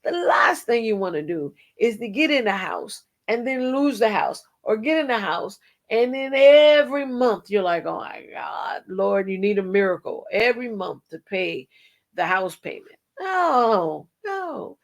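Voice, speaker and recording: A middle-aged woman delivers a devotional message at an unhurried, deliberate pace. She speaks earnestly to her listeners and now and then slips into singing a line or two of a hymn. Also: on the high side, sing-song. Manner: slow, earnest, sings snatches of hymns. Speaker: host and Christian singer. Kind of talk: devotional teaching.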